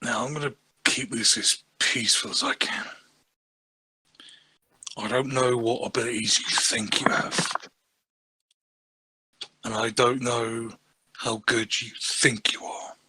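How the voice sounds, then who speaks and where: A man's voice: mid-range voice, little pitch movement, slow pace, pauses often, bright, forceful tone, breathy edge, no echo, full character voice. Man playing a blunt, calculating crewman. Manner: blunt, matter-of-fact. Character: blunt, calculating male crew member.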